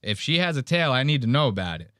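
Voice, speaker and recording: A man hosts a podcast and riffs on a video clip in loose, profane chat, acting out the lines of the people he mocks. His voice sits at a middle pitch and is recorded dry, with no room sound. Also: very animated, fast talker, bright, forceful tone, clear, resonant tone, no room sound. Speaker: podcast host. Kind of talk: casual reaction commentary.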